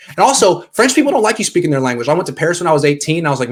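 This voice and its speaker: A young adult American man hosts a loose sports chat at a brisk clip, his voice sitting a bit high. He jokes around and reads viewer comments aloud in an easygoing way. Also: huge pitch swings. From United States. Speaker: podcast host. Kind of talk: casual live-stream chat.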